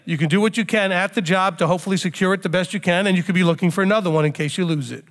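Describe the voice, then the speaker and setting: Male rabbi with a high voice, giving a conversational sermon to a congregation, reverberant hall. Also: rapid-fire, fairly bright tone. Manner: conversational teaching, sometimes acts out panicked outbursts.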